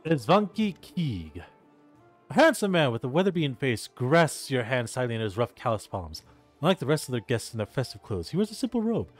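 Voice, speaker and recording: A man hosting a let's play who reads game text and comments in an animated way, laughing often, into a close desk mic. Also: medium pitch, fairly quick, soft background music. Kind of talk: casual game commentary and narration.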